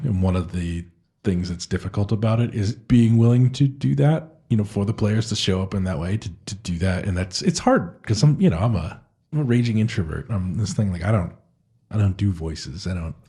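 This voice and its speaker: A man's voice: lowish voice, moderate pace, dark tone, breathy edge. A man co-hosting a casual tabletop-gaming chat, talking in a hesitant, self-deprecating way with many restarts. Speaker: podcast co-host and game master.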